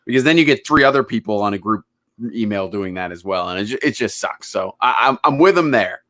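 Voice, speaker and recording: A male co-host makes dry, wry remarks in casual chat. His voice sits somewhat low. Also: lively intonation, brisk, a bit bright. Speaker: podcast co-host.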